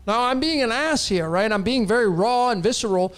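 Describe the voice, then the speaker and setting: Blunt, emphatic man with a high voice. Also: lively intonation, moderate pace, hardly any pauses, faint music behind. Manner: blunt, emphatic, repeats phrases. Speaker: host answering viewer questions. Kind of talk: casual live-stream talk.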